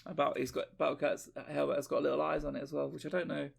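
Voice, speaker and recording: A man co-hosting a podcast, talking in an excitable, chatty way with jokey asides. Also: fairly high pitch, fast, creaky, husky. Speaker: podcast co-host. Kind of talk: casual chat.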